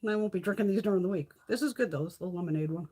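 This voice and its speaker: A woman's voice: on the low side, very fast, mellow, breathy edge. A woman hosting a casual beauty livestream from her phone, telling stories full of swearing and laughter. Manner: profane, laughing storyteller.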